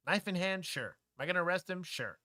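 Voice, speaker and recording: A man's voice: high voice, lively intonation, quick pace, sharp tone, dry recording, clean studio sound. A man co-hosting a livestream, a former police officer giving opinionated commentary and explaining use-of-force law.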